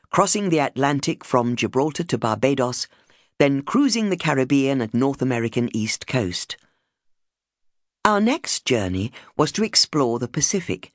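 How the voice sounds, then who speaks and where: A woman narrating a memoir audiobook in a measured storytelling manner. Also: no room sound, clean studio sound. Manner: measured, warm storytelling with lively pitch.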